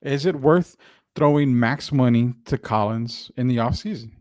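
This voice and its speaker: Man, sports talk host, casual chat, mid pitch, dry close sound. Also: a little mellow, no room sound. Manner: drawn-out, questioning, conversational.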